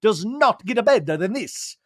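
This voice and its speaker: A man's voice: high-pitched, expressive, normal speed, dry recording, studio quality. A young adult man hosting a podcast, recapping TV with chatty, sarcastic asides. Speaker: podcast host. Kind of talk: comedic TV recap.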